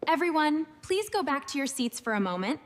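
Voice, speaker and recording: A woman voicing a calm, fair-minded teacher who speaks slowly and reassuringly. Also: high voice. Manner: slow, gentle, reassuring. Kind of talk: slow storybook dialogue for learners.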